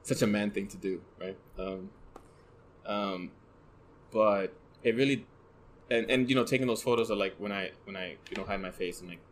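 A man with a soft voice, a photographer guest talking casually and hesitantly, often searching for words. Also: on the low side, moderate pace, a little hiss or hum, poor audio. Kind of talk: casual conversation.

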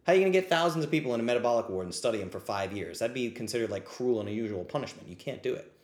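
Rapid-fire and animated, this mid-range male voice echoes in a reverberant room as a podcast host tackles live questions on a livestreamed ask-me-anything. His impassioned, profane, blunt rant shows he's riled up, and he says he's getting heated.

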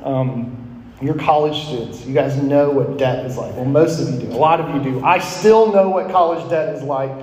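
A man's voice: mid-range voice, moderate pace, a little mellow. A man in his thirties preaching a sermon to college students, earnest and questioning, his voice rising and falling. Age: 30s. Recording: echoey hall with long reverb.

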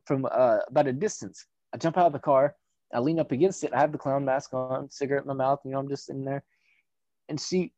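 A man's voice: fairly high pitch, no room sound. Profane rambling male storyteller. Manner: rambling, profane, animated retelling with quoted voices. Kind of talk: casual storytelling. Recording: dull dry audio.

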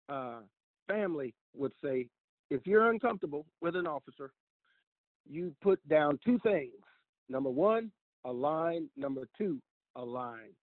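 A man's voice: a little high, dry recording. A man casually telling a personal story as a caller, acting out the dialogue and calling the listener "brother". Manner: animated, addresses the listener as "brother", acts out dialogue. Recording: tinny, dry phone line.

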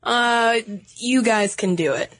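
A woman's voice: fairly high pitch, slow pace, fairly bright tone. A woman voicing a jovial, bargaining male Irish saint in a put-on Irish accent.

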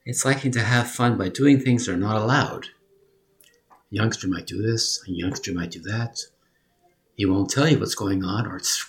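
A man's voice: on the low side, a bit bright. A man giving a short vocabulary lesson, spelling each word out letter by letter and repeating its pronunciation. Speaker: English vocabulary teacher.

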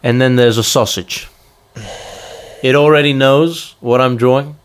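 A man's voice: mid-range voice, measured pace, clear, resonant tone. A man co-hosting a casual tech podcast, teasing his partner and making crude jokes. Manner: teasing, crude jokes, lively sing-song delivery. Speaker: podcast co-host. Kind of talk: casual chat.

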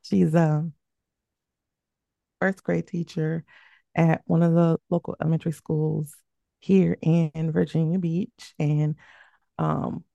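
A woman's voice: low-pitched, little pitch movement, takes it slowly, vocal fry, pauses often, mellow, no room sound, dull audio. A woman co-hosting a podcast, chatty and teasing, still recovering from a sore throat. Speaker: podcast co-host. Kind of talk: casual podcast chat.

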